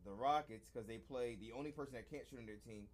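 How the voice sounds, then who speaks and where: A man's voice: mid-range voice, fast. A man co-hosting a live sports podcast, casually and insistently arguing his points. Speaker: podcast co-host.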